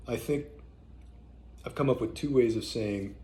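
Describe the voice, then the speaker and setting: A man talking casually and thoughtfully as a parenting teacher, halting often with fillers and restarts. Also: medium pitch, warm tone. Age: adult parent. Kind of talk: casual spoken reflection.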